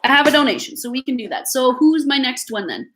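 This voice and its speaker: A woman's voice: sits high, animated, fast, a bit bright, low-quality recording. Canadian woman reading tarot live. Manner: chatty, reassuring, many fillers and restarts. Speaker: tarot reader. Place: home with family noise nearby.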